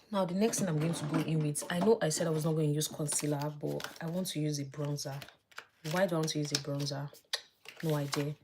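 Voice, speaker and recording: A woman vlogger chatting casually as she does her makeup live, thinking aloud and dropping to soft murmurs while she works. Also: deep voice, background noise. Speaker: beauty vlogger.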